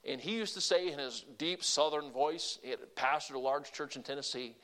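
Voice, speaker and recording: Lively preaching man, slightly high voice. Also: normal speed. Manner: conversational preaching, asks the congregation questions; varies loudness and pace for emphasis. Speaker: pastor. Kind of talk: sermon.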